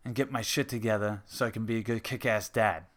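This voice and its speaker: A man's voice: fairly low pitch, fairly even intonation, fairly quick, fairly bright tone. A man in his thirties hosting his own show, talking frankly and casually, swearing often and questioning himself. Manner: frank, profane, self-questioning. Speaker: podcast host. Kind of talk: casual personal monologue.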